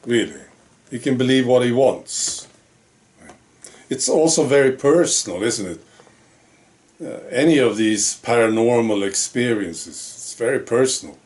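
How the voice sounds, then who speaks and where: A man's voice: medium pitch, darkish tone. A man hosting his own channel, talking through his thoughts in a musing monologue full of rhetorical questions. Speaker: channel host. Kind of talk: reflective monologue to camera.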